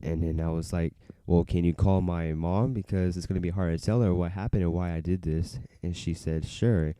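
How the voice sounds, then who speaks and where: A young man rambles through a personal story in a very low, deep voice with a dark, mellow tone. His speech is smooth and resonant, loose and filler-heavy, broken up by laughs. The sound is close and dry. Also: fairly even intonation, normal speed, no room sound. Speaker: vlogger. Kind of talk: casual storytelling.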